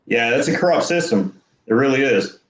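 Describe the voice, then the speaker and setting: A man's voice: medium pitch, expressive, moderate pace, heavy background noise. A man on a debate panel, talking casually, hesitant and rambling with many restarts. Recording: roomy echo.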